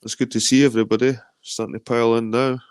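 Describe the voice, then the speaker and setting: A man's voice: medium pitch, little pitch movement, fast, clear, resonant tone, dry recording. A Scottish man of around forty hosting a casual livestream, rambling, swearing freely and greeting viewers as he reads their comments. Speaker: livestream host.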